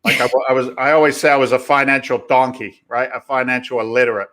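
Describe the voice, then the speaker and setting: Bright-voiced man telling stories. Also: medium pitch, fast. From England. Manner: storytelling, animated and jokey. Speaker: real estate investor guest. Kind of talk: casual podcast interview.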